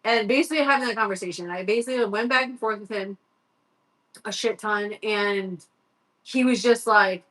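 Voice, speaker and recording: Profane rambling woman livestreamer, bright voice. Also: medium pitch, a little fast. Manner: rambling, profane, emotional, quoting her son. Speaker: livestreamer, sports parent. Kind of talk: casual live-stream storytelling.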